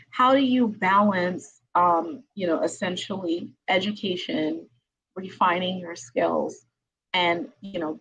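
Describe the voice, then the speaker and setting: A woman's voice: on the low side, a bit bright, slightly rough, lo-fi sound. A middle-aged woman hosting a live-streamed interview podcast from home. She chats casually and laughs often, with many ums and tag questions. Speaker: podcast host, attorney.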